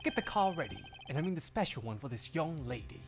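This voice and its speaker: A man's voice: a little high, sing-song, fast talker, music in the background. A man doing a cool aloof prosecutor. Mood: composed. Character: composed, aloof male prosecutor. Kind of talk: live fan dub of a game.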